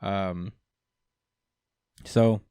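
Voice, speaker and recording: A man's voice: low-pitched, steady tone, extremely slow, dark tone, clean tone, no echo, studio quality. A man hosting a casual podcast, recapping with lots of fillers and acted-out quotes. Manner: rambling recap, many fillers, acts out quotes. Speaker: podcast host.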